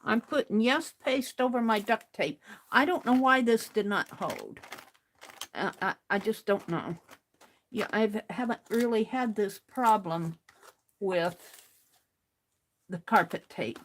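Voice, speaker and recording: Slow, unhurried woman crafting and talking to herself. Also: medium pitch, animated, a little hiss or hum. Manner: muttering to herself while working, slow and unhurried. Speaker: craft livestream host. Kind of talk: casual crafting commentary.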